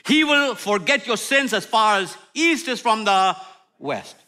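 Animated high-voiced male preacher. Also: unhurried. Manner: animated, humorous preaching with sudden loud and soft turns. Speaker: pastor. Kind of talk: sermon.

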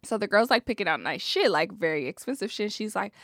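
A podcast co-host retells a reality show in casual chat, animatedly acting out what people said and swearing freely. Her mid-range voice moves at a quick pace with few pauses, recorded clean in a studio with no echo.

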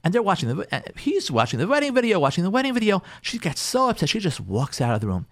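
A man, a rabbi, telling a story in an animated way and acting out each character's lines. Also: high-pitched, fast talker. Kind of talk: storytelling talk.

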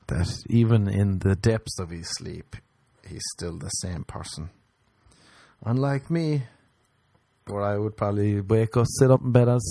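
A man's voice: fairly even intonation, normal speed, vocal fry, dark tone, no room sound. Crude joking man on a podcast. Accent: non-local, remarked on by others. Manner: crude joking, mimics others in high voices. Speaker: podcast host. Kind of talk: casual storytelling chat.

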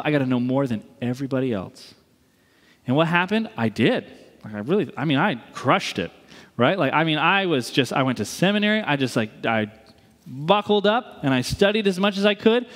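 A man in his thirties preaching a sermon as a pastor, telling stories in a relaxed, conversational way with playful asides. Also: fairly high pitch, a little fast. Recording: long reverb of a big hall.

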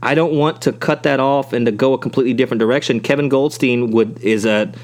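A man co-hosting a casual podcast conversation. He talks in a rambling way, swears freely and restarts his sentences often. His pitch sits in the middle for a man. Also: fairly even intonation, quick pace. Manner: profane, rambling, many restarts. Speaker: podcast co-host. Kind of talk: casual chat.

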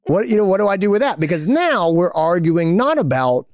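A man's voice: high-pitched, sing-song, fairly quick, darkish tone, dry recording, clean studio sound. A man co-hosting a podcast, talking casually and spinning little hypothetical stories to make his point. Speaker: podcast co-host. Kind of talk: casual advice chat.

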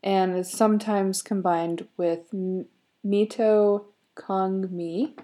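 A woman's voice: medium pitch, steady tone, takes it slowly, warm tone. A woman co-hosting a podcast, chatting casually and retelling a folk story, laughing often. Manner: giggly, with frequent fillers and laughs. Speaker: podcast co-host.

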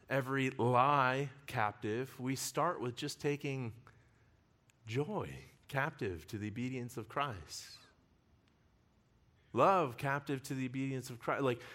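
A male pastor preaching a sermon with personal stories, telling them in an animated way and laughing often. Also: medium pitch. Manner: animated storyteller who laughs often while talking.

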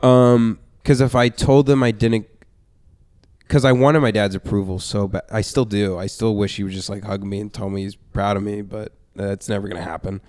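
A man's voice: fairly low pitch, flat delivery, normal speed, a little mellow, no echo. A young man telling a personal story in a candid, rambling way, full of fillers. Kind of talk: casual chat.

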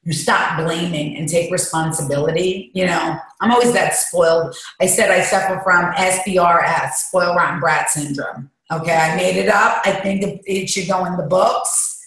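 A woman being interviewed speaks in a slightly low, earnest voice, confessional and emphatic, pressing hard on what matters to her. She is recorded in a treatment center, and a heavy room echo hangs on every word. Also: moderate pace, a bit bright. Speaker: interview guest. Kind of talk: candid interview talk. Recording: very echoey room.

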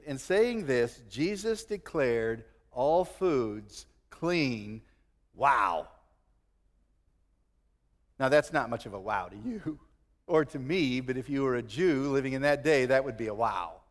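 A middle-aged man preaching a sermon, animated, acting out quotes and chuckling now and then. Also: high-pitched, in a large hall. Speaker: pastor.

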